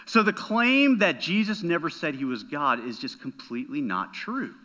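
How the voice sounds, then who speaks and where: A man's voice: a little high, lively intonation, normal speed, sharp tone. A man preaching a sermon as a pastor, emphatic, often checking in with "right?" and repeating words as he goes.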